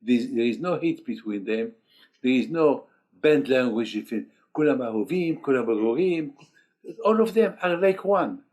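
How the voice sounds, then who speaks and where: A man's voice: mid-range voice, animated, moderate pace, darkish tone. An older man preaching a sermon as a rabbi, emphatic and repetitive, in broken English peppered with Hebrew terms. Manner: emphatic, repeats key phrases, sprinkled with Hebrew terms; speaks English as a second language, broken grammar.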